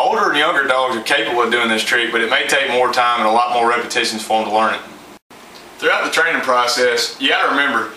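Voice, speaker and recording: A man's voice: medium pitch, sharp tone, roomy sound, distant mic, a little hiss or hum, rough recording. A man giving a plain, informal how-to talk on training his dog, folksy and loose with fillers.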